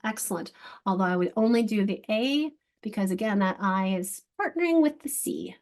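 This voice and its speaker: A woman literacy instructor leading an online workshop for teachers, encouraging and sounding out syllables slowly. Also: medium pitch, expressive.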